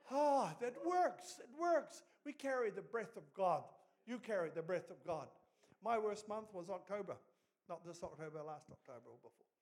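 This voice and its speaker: A middle-aged man with a New Zealand accent preaching a sermon through stories, rising to loud emphatic peaks and dropping quiet between them. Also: sits high, expressive, brisk. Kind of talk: sermon storytelling.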